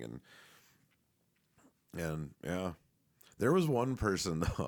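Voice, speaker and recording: A man rambling casually and profanely, with lots of fillers, restarts and laughs. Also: very deep voice. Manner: laughs often while talking.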